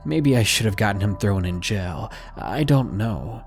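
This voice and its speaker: Male narrator for true horror stories; animated, dramatic delivery over soft background music. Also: lowish voice, unhurried. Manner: expressive, dramatic reading with hushed asides. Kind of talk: scripted horror story narration.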